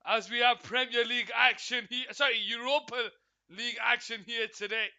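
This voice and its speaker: Very high, bright-voiced male watchalong host. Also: steady tone, moderate pace. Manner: chatty, hyped, talks to viewers by name. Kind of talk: live football watchalong commentary.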